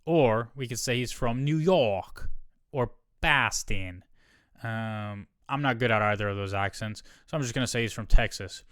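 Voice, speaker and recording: A male podcast host reads a news article aloud and breaks off for casual asides and quick corrections. His voice is smooth and resonant at a middle pitch. The sound is dry and close, with no room echo. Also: a bit bright. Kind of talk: solo podcast, reading a news article with commentary.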